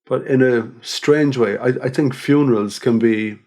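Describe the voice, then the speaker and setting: A man's voice: medium pitch, measured pace, darkish tone. A man hosting a podcast interview, asking short questions and laughing easily. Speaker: podcast host. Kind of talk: casual interview chat.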